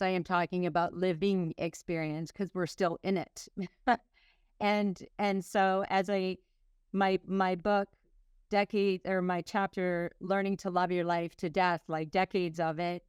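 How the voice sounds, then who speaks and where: A woman's voice: medium pitch, smooth, no room sound, clean studio sound. A middle-aged woman from Canada, a former nurse speaking as a guest author, talking in an effusive, heartfelt way with frequent restarts. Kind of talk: emotional personal talk.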